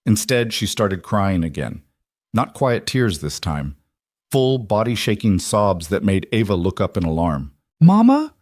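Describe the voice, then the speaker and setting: Low calm guy reading a story, dry close sound. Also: measured pace, no room sound. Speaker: narrator. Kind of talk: scripted story narration.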